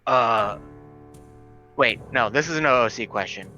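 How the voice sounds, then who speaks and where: A man's voice: mid-range voice, a little slow, lo-fi sound, loud music behind the voice. A man playing a tabletop game, casual and hesitant, correcting himself as he goes. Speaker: player.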